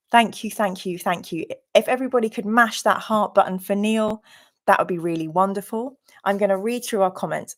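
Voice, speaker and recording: A woman hosting a live game stream, gushingly thanking viewers and reading out their comments. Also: medium pitch.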